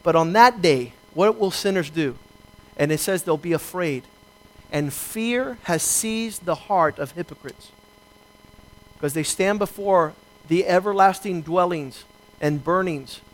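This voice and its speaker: A man with a high-pitched voice preaches a sermon from the pulpit. He reads scripture aloud and slows down to stress key words. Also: a little hiss or hum, poor audio. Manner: preaching with emphatic slowdowns, quoting scripture and acting out dialogue. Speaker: pastor.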